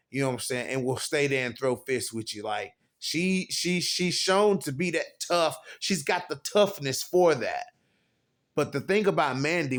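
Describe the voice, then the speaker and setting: A man hosting his own fight commentary channel, talking casually in slang and repeating "you know what I'm saying" as he breaks down an upcoming bout. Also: mid-range voice. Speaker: MMA commentary host.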